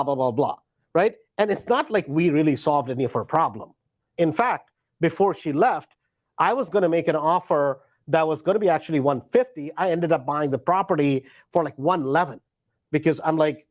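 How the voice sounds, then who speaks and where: A man's voice: fairly high pitch, lively intonation, moderate pace. A middle-aged man, a real estate investor, telling a story in a live stream and animatedly acting out both sides of a conversation.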